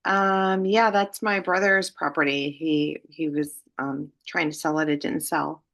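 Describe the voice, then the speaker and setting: A woman's voice: low-pitched, fairly even intonation, measured pace, fairly bright tone, dry recording. A woman playing a prospect in a sales role-play, giving hesitant, improvised answers.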